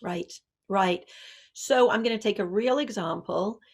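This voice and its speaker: A middle-aged woman, an author, giving a lively book talk and acting out family scenes. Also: mid-range voice, measured pace, breathy edge. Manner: lively storytelling, acts out scenes. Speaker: author and parenting speaker. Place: online video event.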